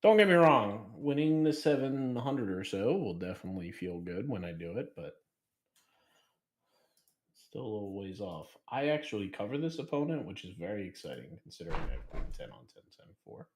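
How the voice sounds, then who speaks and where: A man's voice: on the low side, big pitch swings, a little fast, dark tone. A man casually commentating his own online poker hands on a live stream, with playful sing-song announcer asides.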